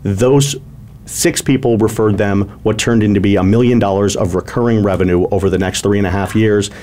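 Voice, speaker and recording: A man's voice: on the low side, fairly even intonation, fairly quick, dark tone, a little hiss or hum. Methodical man telling a business case. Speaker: business consultant guest. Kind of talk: casual business chat.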